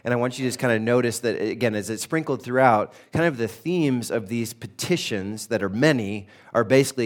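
Guy preaching a sermon, chatty and emphatic, slows way down on the bible quotes. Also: mid-range voice. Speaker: pastor. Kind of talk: sermon teaching on a psalm.

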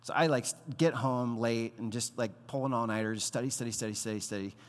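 A man in his thirties preaching a sermon as pastor, conversational and animated, acting out the voices he quotes. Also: medium pitch, fast. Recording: long hall reverb.

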